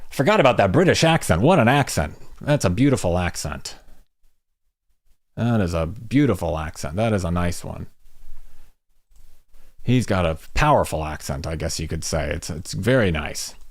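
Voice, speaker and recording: A man's voice: sits low, expressive, normal speed, pauses often, husky, no echo, studio quality. An American man hosting a casual livestream chat, rambling and self-deprecating as he greets viewers. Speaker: podcast host.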